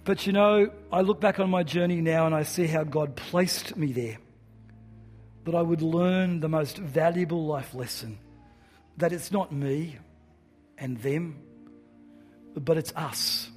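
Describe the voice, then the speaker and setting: Earnest preacher, husky voice. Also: male voice, fairly high pitch, a little slow, pauses often, faint music behind. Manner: earnest storytelling, softening to quiet reflection. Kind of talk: sermon with prayer.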